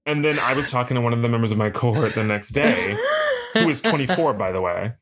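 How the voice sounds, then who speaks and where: A man's voice: medium pitch, quick pace. A man in his late thirties, a podcast co-host, telling a story in casual chat and acting out the voices of the people he quotes. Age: late 30s. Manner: animated storyteller, acts out quotes, many restarts. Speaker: podcast co-host, PhD student.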